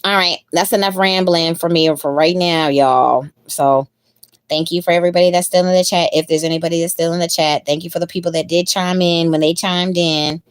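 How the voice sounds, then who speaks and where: A woman with a low-pitched voice talks casually to her livestream viewers. She chats loosely, laughs easily and keeps coming back to thank them. The sound is dry and close, with no room echo. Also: fairly even intonation, brisk, clean tone. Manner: chatty, repeats thanks, laughs often. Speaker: livestream host.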